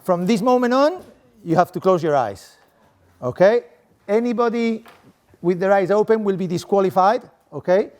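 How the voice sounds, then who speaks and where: A man's voice: high voice, expressive, normal speed, a little mellow. Playful Spanish-accented man giving a talk. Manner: playful, chatty, tags lines with "okay?". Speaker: sport coaching professor giving a talk. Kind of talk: interactive talk to a live audience. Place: room with a seated audience at desks.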